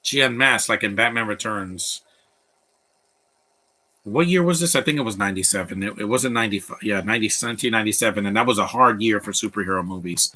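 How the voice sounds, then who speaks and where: Blunt, rambling man with a bright voice. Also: fairly low pitch, fast talker. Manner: blunt and opinionated, rambling with restarts. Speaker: host of a live movie commentary stream. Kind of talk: casual live movie commentary.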